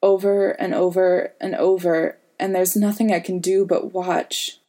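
A woman reading the part of a weary man haunted by nightmares, who speaks hoarsely, slowly and quietly. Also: on the low side, flat delivery. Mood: despairing. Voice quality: hoarse, soft-spoken. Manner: quiet, slow, downcast.

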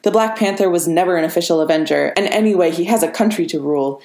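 A sarcastic middle-aged inventor, as a woman reads him, brushing people off with quick wit. The voice sits low. It rings in an echoey room. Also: a little mellow, natural voice.

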